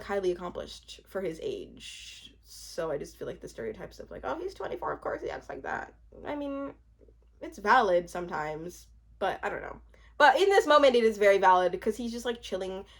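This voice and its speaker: Young woman in her twenties, casual reaction commentary, bouncy lively delivery, slightly high voice, talky with frequent laughs. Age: 20s. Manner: chatty, laughs often, trails off and restarts. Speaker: reality TV commentator.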